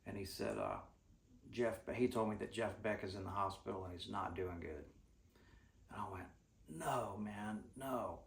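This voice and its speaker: Male storyteller, gravelly, rambling and folksy, recorded in an echoey room. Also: low-pitched, lively intonation, normal speed. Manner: rambling, folksy, many restarts and fillers. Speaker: guitarist telling stories. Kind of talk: casual storytelling.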